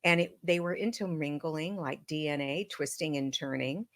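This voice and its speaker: A woman with a deep, low voice tells a personal story at an unhurried pace. She speaks earnestly and sometimes drops almost to a hush. The sound is close and dry, with no room echo. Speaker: podcast guest, medium and author. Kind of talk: storytelling in an interview.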